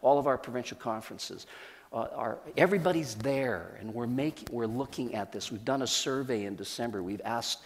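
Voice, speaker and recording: A man's voice: medium pitch, fairly quick, slight background noise. Man, church leader giving a testimony sermon, earnest and storytelling, voice ringing in a big reverberant hall. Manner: earnest storytelling with many restarts.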